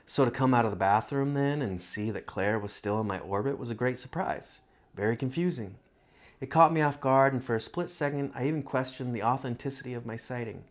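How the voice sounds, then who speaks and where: A man reading his own literary love story aloud in a measured, reflective first-person narration. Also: mid-range voice.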